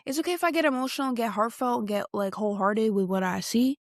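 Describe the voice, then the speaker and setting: Studio-quality audio with no room sound captures a young woman speaking fast in a slightly high voice. As a podcast host reacting to clips, she's casual and slangy, rambling with lots of fillers and restarts.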